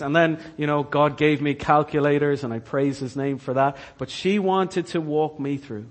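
A man preaching a sermon as pastor, telling stories slowly and earnestly and dropping to a hushed voice for quoted lines. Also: on the high side. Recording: long hall reverb.

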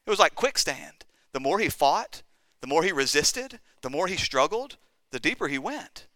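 Man, pastor, earnest sermon delivery, slightly higher voice, dry close sound. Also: sing-song, normal speed, sharp tone, no room sound. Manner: earnest preaching with dramatized quotes, rising to emphatic outbursts.

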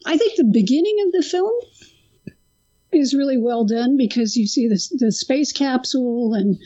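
A woman's voice: high voice, animated, moderate pace, mellow. A woman co-hosting a casual film discussion, chatty and giggly, often trailing off mid-sentence. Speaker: podcast co-host. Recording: slightly muffled audio.

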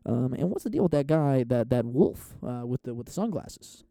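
A man's voice: mid-range voice, lively intonation, normal speed, creaky, warm tone, no room sound, clean studio sound. A man hosting a solo comedy podcast, rambling through profane, goofy, self-mocking jokes into a podcast microphone. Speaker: podcast host. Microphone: studio podcast microphone.

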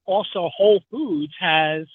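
A man's voice: high voice, unhurried, slightly rough, no room sound. Chatty man on a tinny phone line. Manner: rambling, chatty, laughs easily. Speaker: guest truck driver. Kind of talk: casual podcast chat.

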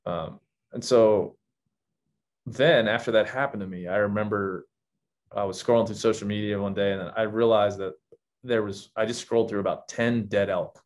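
A man's voice: lowish voice, fairly even intonation, normal speed. A man talking as a podcast guest, candid and reflective, often restarting his sentences. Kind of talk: casual podcast chat.

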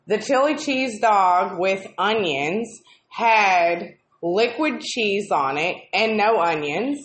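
A woman with a mid-range voice speaks slowly but animatedly, recorded with a roomy echo. Co-hosting a live video chat, she tells casual stories, swearing constantly and ranting in exasperation.

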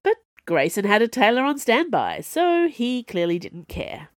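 A woman narrating a novel as an audiobook, with expressive storytelling. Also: fairly high pitch, measured pace, hardly any pauses, dry recording, clean studio sound. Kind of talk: scripted narration.

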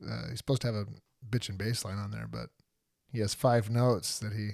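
A man's voice: on the low side, little pitch movement, a little fast, vocal fry, darkish tone, dry recording, clean studio sound. A man hosting a casual podcast, playful and jokey, sounding out of breath. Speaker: podcast host. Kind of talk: casual chat.

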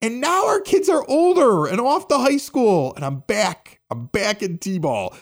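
A podcast host in his forties speaks in a high voice with big pitch swings, taking his time. He reads local announcements and rambles through stories in casual chat, acting out the voices he quotes.

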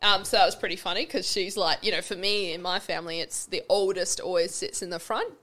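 A young adult Australian woman, a podcast guest, telling a story in an animated, giggly way with fillers and the odd swear word. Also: on the low side, a little fast. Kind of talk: casual chatty storytelling.

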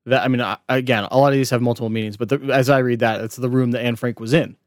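Male podcast co-host, mid-pitched, casual and chatty, dry close sound. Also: steady tone, fast, dry recording. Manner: chatty, lots of "like" fillers. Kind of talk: casual chat about an album.

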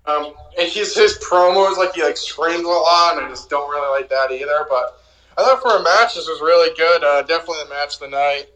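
Bright-voiced man who fills his talk with "like". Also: fairly high pitch, fairly quick, rough recording. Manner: filler-heavy, says "like" a lot, blunt. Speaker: co-host. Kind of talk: casual wrestling review chat.

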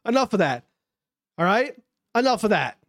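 A man's voice: high voice, sing-song, normal speed, a bit bright, no echo, studio quality. A man hosting a podcast, ranting casually, swearing a lot and repeating himself. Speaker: podcast host. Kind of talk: casual profane podcast rant.

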